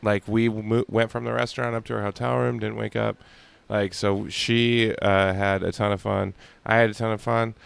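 A man's voice: fairly low pitch, level tone, normal speed, gravelly, clean tone. A male podcast host chatting casually from a hotel room on vacation, telling a rambling story with lots of fillers. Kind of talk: casual chat.

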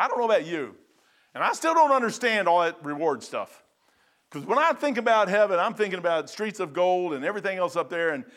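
A man's voice: high voice, a bit bright. A middle-aged man preaching a folksy, conversational sermon full of asides as a pastor.

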